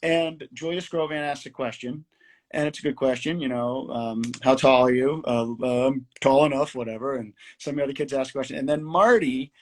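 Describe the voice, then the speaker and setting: A man's voice: medium pitch, fairly quick. A middle-aged man, a comedy writer, telling a story in casual chat on a video call, acting out quotes and laughing along.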